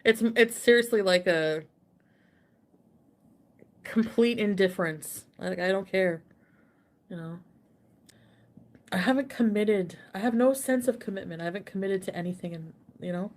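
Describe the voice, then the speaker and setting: A woman in her thirties talking casually to camera, halting and indifferent, repeating herself. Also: medium pitch. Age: 30s. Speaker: streamer in a played clip.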